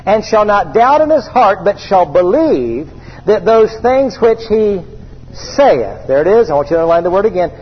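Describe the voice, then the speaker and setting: Male pastor, high voice, call-and-response preaching; muffled church recording with reverb. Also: big pitch swings, normal speed, breathy edge. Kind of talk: sermon.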